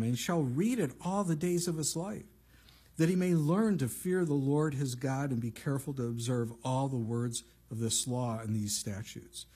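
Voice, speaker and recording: Male pastor, very husky voice, conversational sermon with asides. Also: a little high, warm tone. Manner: conversational preaching with frequent asides.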